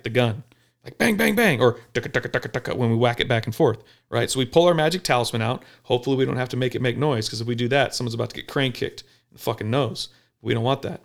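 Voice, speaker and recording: A male police officer with a gravelly, mid-range voice talks bluntly and profanely in a casual podcast chat. He tells his stories in an animated way.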